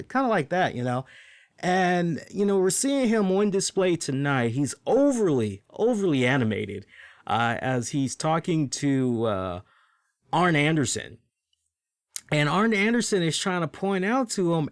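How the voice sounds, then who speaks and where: A man hosting a podcast, casually reviewing wrestling in a chatty, profane, animated way. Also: a little high, a little slow, dry recording, studio quality. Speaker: podcast host.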